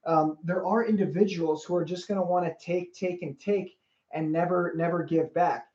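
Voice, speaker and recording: Brief: earnest male life coach, mellow tone with a fairly high pitch, livestreaming from a roomy space with slightly dull audio. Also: steady tone, moderate pace. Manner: earnest, repeats phrases, greets viewers by name. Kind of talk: motivational livestream talk.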